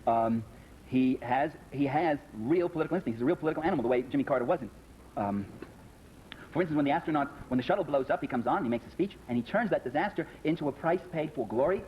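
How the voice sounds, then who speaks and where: Fast-talking man giving an animated speech. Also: on the high side. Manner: animated storytelling, emphatic. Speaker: lecturer. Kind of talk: public speech with questions. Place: lecture hall. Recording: dull lo-fi recording with faint hiss.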